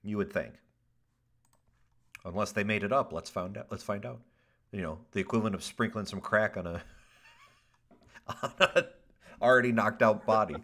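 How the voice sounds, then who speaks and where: A man's voice: on the low side, brisk, long pauses. A man hosting a casual podcast, reading odd news stories aloud with jokes, swearing and laughter. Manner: animated, laughs often, swears, ad-libs jokes.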